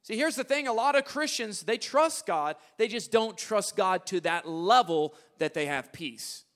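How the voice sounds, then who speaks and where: A man preaching a sermon, moving between quiet, low asides and loud, emphatic declarations, often repeating and restarting his phrases. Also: expressive, measured pace.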